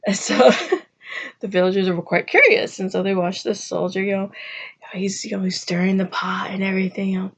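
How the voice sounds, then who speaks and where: A woman's voice: steady tone, normal speed, husky. Chatty woman retelling a folk tale. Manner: chatty and rambling, acting out quotes with pitch jumps. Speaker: vlogger. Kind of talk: casual storytelling.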